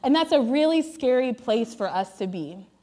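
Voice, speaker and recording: Woman, 30s, high voice, pastor's wife telling funny family stories from the pulpit, chatty and self-mocking. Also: lively intonation, normal speed, dark tone. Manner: chatty and self-deprecating, with many "like" fillers. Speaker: pastor's wife giving a sermon. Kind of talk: humorous storytelling sermon. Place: on stage before a church congregation.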